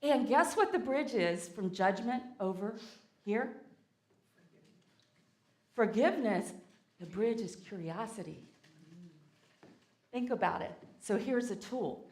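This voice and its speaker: A woman with a Southern US accent delivers a lively, playful sermon, coaxing the congregation into call-and-response. Her voice sits a little high. The sound carries the echo of a church sanctuary. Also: slow, pauses often. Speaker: guest speaker. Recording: echoey sanctuary.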